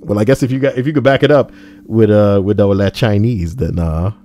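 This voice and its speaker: A man's voice: on the low side, fairly quick, dark tone. A man casually reading internet posts aloud and joking about them, with plenty of swearing and asides. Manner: jokey, swears, breaks into laughter and mock voices. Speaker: reddit story reader and streamer. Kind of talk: casual live reading with commentary. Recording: light guitar music underneath.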